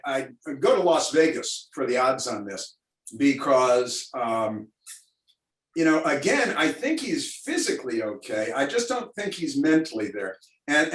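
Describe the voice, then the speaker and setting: Talk radio guy riffing sarcastic political commentary, mid pitch, echoey room, mic set back a bit. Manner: sarcastic, rambling, many fillers. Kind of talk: opinionated political commentary to listeners. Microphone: video call. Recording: roomy, distant mic.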